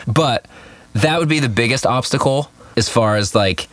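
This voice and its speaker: A man's voice: medium pitch, normal speed, fairly bright tone, no echo. A man in casual chat, answering questions about producing music with lots of fillers and acted-out quotes. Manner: rambling, many fillers, acts out quotes.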